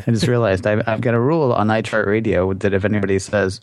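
A man's voice: fairly low pitch, steady tone, fairly quick, no echo, clean studio sound. A man joining a podcast roundtable as a guest, chatting and joking loosely. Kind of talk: casual roundtable chat.

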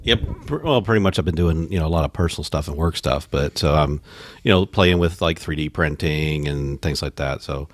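A man with a very deep voice chats as a podcast guest. He is conversational and restarts his sentences. The recording is dry. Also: brisk, dry recording. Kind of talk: casual podcast chat.

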